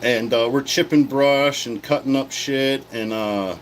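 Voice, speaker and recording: A man's voice: mid-range voice, a little slow, slight background noise, rough recording. A man on a livestream telling a casual, profane story in a blunt, heated way. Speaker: livestream host.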